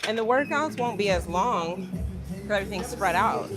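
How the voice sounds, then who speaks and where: A woman's voice: mid-range voice, expressive, normal speed, music in the background. A young woman from Virginia chatting casually with her livestream viewers from a gym, talking them through her workout. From Virginia, United States. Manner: chatty, addresses viewers as y'all. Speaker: livestreaming fitness creator. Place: gym, indoors.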